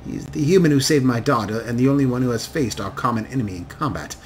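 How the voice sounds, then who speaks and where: A cold, imperious rich father who speaks in clipped, formal commands, as a man puts him on. The voice sits at a middle pitch with a faint hiss behind it, read aloud from a fantasy game. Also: fast talker, lightly acted. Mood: presiding.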